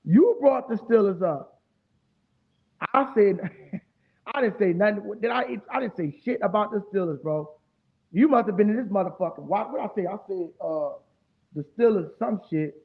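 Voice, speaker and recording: A man's voice: sits high, animated, moderate pace. A man from New Orleans with a New Orleans accent, hosting a casual live stream and talking in a profane, rambling, heated way. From New Orleans, Louisiana. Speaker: streamer host. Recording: tinny phone-like audio.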